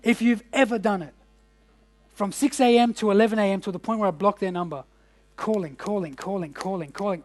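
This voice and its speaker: A man's voice: high voice, a little fast. A man coaching a live audience of business owners in a casual, jokey way, asking the room questions. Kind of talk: workshop presentation to a live audience. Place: indoor event room.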